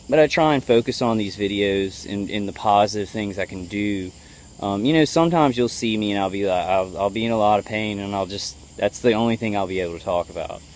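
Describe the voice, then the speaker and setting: Deep-voiced man, halting and calm. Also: a little hiss or hum. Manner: halting, full of fillers and restarts; tries to stay calm and level. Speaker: vlogger. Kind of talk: personal video update.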